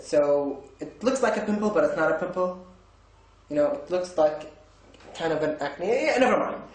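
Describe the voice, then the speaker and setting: Man, casual vlog storytelling, fairly high voice, lots of restarts, echoey room. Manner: rambling, many restarts and stumbles. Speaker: vlogger.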